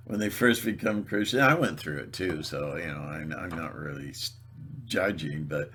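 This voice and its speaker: A man's voice: a bass voice, a bit bright. A man in a rambling solo video monologue, sarcastic and mocking, laughing at his own jokes and stumbling over repeated words. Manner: halting, repeats words and restarts. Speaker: video blogger.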